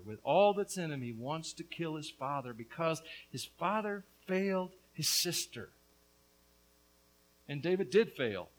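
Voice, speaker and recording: A pastor preaches earnestly, dropping in casual asides as his medium-pitched voice swings between hushed and loud. The recording is rough.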